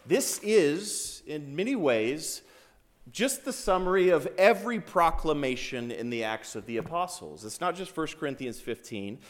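A man preaching a sermon, retelling the story as if he were there, swinging from loud passion to hushed awe. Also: fairly high pitch, expressive, a little slow. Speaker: pastor.

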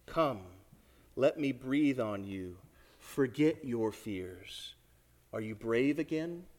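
A man's voice: mid-range voice, lively intonation, slow pace, darkish tone, voice pushed down. A man voicing a wise, commanding male lion as he reads aloud from a storybook in a sermon. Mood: tender.

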